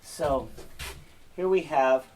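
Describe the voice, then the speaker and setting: A man's voice: a little high, drawn-out words, a little mellow, a little hiss or hum, rough recording. A man reading a fairy tale aloud and stopping often to explain its lessons in a conversational way. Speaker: storyteller and teacher.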